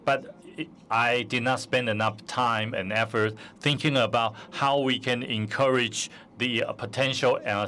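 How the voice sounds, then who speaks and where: A man's voice: mid-range voice, sharp tone, a little hiss or hum. A man telling a personal anecdote on a conference stage, hesitant with many fillers, into a stage microphone. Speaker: forum speaker.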